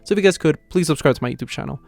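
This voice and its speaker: A man's voice: on the high side, rapid-fire, vocal fry, darkish tone, no room sound. A young man hosting his own channel, casually recapping and reviewing an episode, rambling with lots of filler words and frequent chuckles. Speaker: anime reaction channel host.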